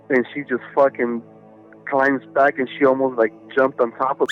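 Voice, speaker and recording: Speaking at a medium pitch with fairly even intonation, this man talks fairly quickly. He's a podcast guest casually spinning a ghost story over a tinny phone-like connection, full of fillers, curses and tangents, while soft music plays.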